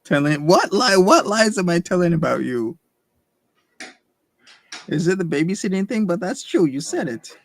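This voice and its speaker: Gravelly man needling his guest. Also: high-pitched, big pitch swings, normal speed, long pauses, a little hiss or hum. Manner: needling, mock-threatening. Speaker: host. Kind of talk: casual teasing chat.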